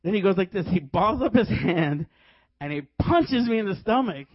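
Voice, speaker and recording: A man from Chicago, a guest preacher, tells his testimony in a sermon with animated storytelling and frequent laughs. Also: high voice, normal speed, no room sound. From Chicago, USA. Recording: dull dry recording.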